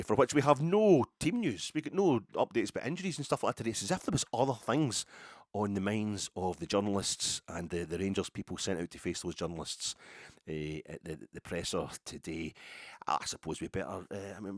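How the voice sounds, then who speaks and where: Scottish male podcast host with a low voice, sardonic, rambling solo talk, dry close recording. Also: dry recording.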